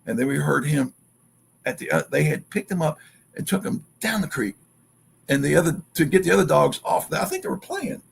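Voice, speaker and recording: A man telling an excited story as a guest, acting out quotes and sounds in an animated way. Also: a little high, brisk, creaky, slightly rough.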